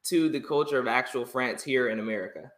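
A young man hosting a casual interview podcast, excitable and laughing often. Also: mid-range voice, a little fast, reverberant. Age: young adult. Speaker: podcast host.

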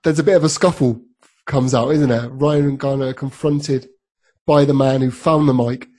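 Husky man, chatty podcast host. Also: mid-range voice, fairly even intonation, moderate pace, warm tone. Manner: chatty, laughs often, many ums. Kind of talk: casual chat recapping a TV episode.

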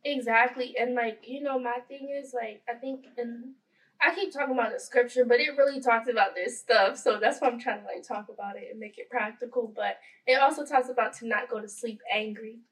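A woman's voice: fairly high pitch, steady tone, brisk, far from the mic, rough recording. A woman co-hosting a podcast, talking casually and earnestly, with lots of "like" fillers. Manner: heavy use of "like", earnest. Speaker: podcast co-host. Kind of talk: casual chat.

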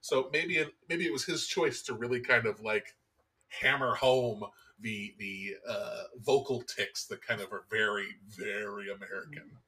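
A man hosting a movie podcast, chatty and quick to laugh. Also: on the low side, bright, forceful tone. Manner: chatty, laughs often, many fillers. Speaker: podcast host. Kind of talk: casual movie discussion.

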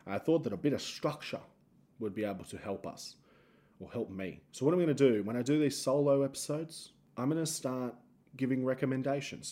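A man's voice: mid-range voice, mellow. An Australian man hosting a solo podcast, rambling and self-mocking as he tells stories. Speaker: podcast host and comedian.

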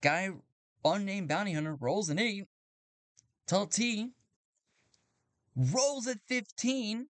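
A man's voice: sits high, slow pace, pauses often, no room sound. A man narrating his solo tabletop game as game master, casual and thinking aloud, correcting himself.

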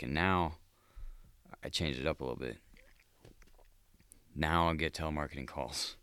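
A man's voice: very deep voice, a bit bright, smooth, no room sound. A man hosting a solo podcast, talking in a profane, rambling, casual monologue. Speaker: podcast host.

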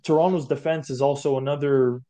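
A man's voice: mid-range voice, fairly even intonation, fairly quick, mellow. A man co-hosting a sports podcast in casual chat, firm and argumentative in how he makes his point. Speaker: podcast co-host.

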